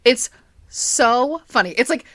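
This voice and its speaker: A woman's voice: a little high, animated, slow, a bit bright, dry recording. A young woman co-hosting a podcast in casual chat, gushing and laughing often, swearing casually. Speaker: podcast co-host.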